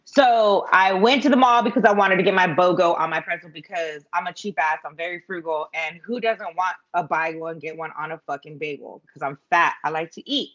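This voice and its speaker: A woman's voice: on the low side, a little fast, few pauses, fairly bright tone. Chatty middle-aged woman, lo-fi phone audio. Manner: chatty and rambling, self-mocking, lots of fillers. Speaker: vlogger telling a story. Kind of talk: casual storytelling on a live stream.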